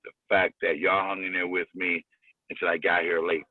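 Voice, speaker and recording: A guest comedian from Springfield, Massachusetts, calls in over a tinny, dry phone line, chatting casually in a slangy, rambling manner and repeating himself. His voice is low-pitched and level, at a moderate pace.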